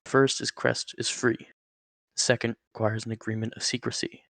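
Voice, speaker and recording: A man's voice: medium pitch, flat delivery, normal speed, gravelly, a bit bright, no room sound. A man voicing Nate, a wry old talking rattlesnake. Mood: chatty. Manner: matter-of-fact, chatty, joking.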